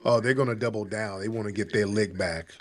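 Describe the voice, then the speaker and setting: A man's voice: on the low side, brisk. A man hosting a live call-in talk stream, speaking emphatically and repeating his points to drive them home. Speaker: host.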